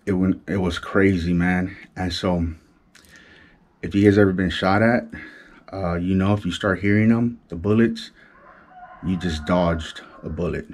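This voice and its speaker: This deep-voiced, middle-aged Los Angeles vlogger speaks at a moderate pace with fairly even intonation and a darkish tone over a slight hiss or hum. In a Chicano LA accent and street slang, he recounts a story, mouthing gunshot sounds while keeping his voice down so his wife stays asleep.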